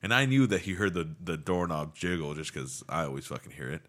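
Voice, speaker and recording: A man casually telling a ghost story on a podcast, animated and swearing freely. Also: low-pitched, a little fast.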